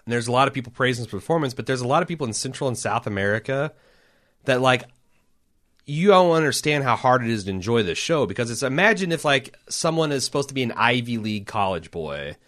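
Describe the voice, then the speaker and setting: This is a man talking casually on a podcast, opinionated and chatty. His voice sits at an ordinary middle pitch, and his sentences wander and restart as he thinks aloud. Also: expressive, fast talker, a bit bright. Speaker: podcast co-host. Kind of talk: casual chat.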